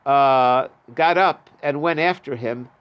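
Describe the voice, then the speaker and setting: A man's voice: mid-range voice, slow, smooth, dull audio. A man teaching a Talmud class, reading the Aramaic and translating it in a casual, chatty way. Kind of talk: daf yomi Talmud class.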